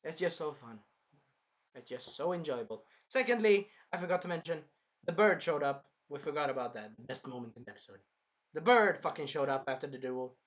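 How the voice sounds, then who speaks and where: A man giving a casual anime episode review, excitable, acting out scenes in bursts and swearing freely. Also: a little high, a little fast.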